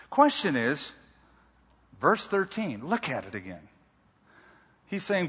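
A man preaching a sermon, reading scripture and breaking off into lively, conversational asides. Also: on the high side, moderate pace, pauses often, breathy edge. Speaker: pastor. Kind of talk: expository sermon. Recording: dull lo-fi sound with long hall reverb.

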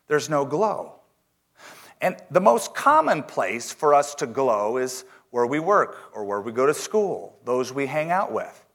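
A man preaching a sermon in church, reading scripture slowly and emphatically, with joking asides. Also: on the high side, a bit bright. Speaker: pastor.

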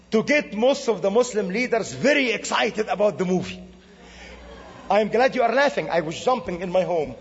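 A high-voiced man from the Middle East delivers a sermon, telling stories with animated, acted-out dialogue. His voice is slightly husky and rings with the long reverb of a church hall. The recording itself sounds dull and lo-fi. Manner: animated storytelling with quoted dialogue. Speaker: guest speaker. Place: church sanctuary.

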